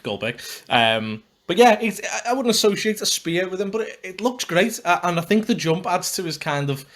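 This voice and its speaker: A man's voice: high voice, sing-song, normal speed, fairly bright tone. Chatty Scouse man hosting a podcast. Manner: rambling, self-mocking, chatty with many fillers. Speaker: podcast host. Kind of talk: casual solo podcast review.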